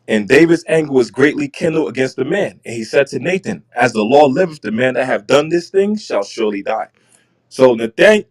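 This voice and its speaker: A man with a husky, medium-pitched voice leads a Bible study as its teacher. He reads scripture verses aloud, then explains them in casual, slangy language.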